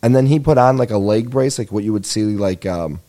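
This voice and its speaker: With a lowish, mellow voice and a slightly quick delivery, a young comedy podcaster tells meandering, foul-mouthed stories at his own expense. His relaxed monologue carries a touch of tiredness.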